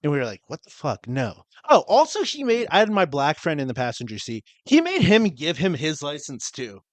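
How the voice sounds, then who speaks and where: A man's voice: fairly high pitch, wildly swooping pitch, brisk, dry recording. Young male podcast co-host, casual storyteller, swears a lot, dry close mic. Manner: storytelling, profane, laughing. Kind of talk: casual chat.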